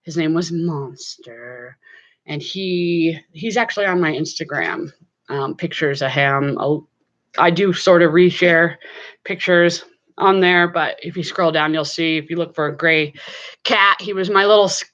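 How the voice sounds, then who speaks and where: Woman, middle-aged, low voice, rambling casual chat, slightly dull recording. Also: unhurried, a bit bright. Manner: chatty, rambling, many fillers. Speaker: vlogger. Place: at home.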